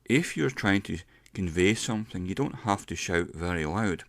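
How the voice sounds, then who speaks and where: A middle-aged man giving a casual pronunciation lesson, explaining step by step and slowing down to demonstrate sounds. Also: sits low, expressive, gravelly, fairly bright tone, no room sound, studio quality. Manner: unhurried, explains step by step with slowed demonstration words. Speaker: English pronunciation teacher.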